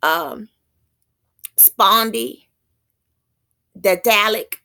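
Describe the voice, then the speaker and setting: A woman teaching as a self-styled prophetess, thinking aloud in a halting way and stopping to read passages out. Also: medium pitch, vocal fry, pushed and bright. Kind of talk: slow spoken teaching.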